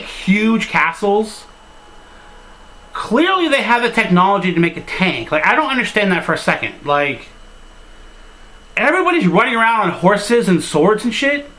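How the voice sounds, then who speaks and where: A man's voice: sits high, pushed and bright, a little hiss or hum, low-quality recording. A man delivering a crude, exasperated comedy rant as a video reviewer, full of swearing and filler "like"s.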